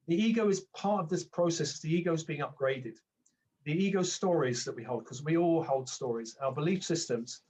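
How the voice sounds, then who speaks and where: Older male guest, spiritual teacher, slightly higher than usual male pitch, reflective and meandering. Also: breathy edge, low-quality recording. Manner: reflective, rambling with restarts, acts out inner voices. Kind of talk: conversational interview.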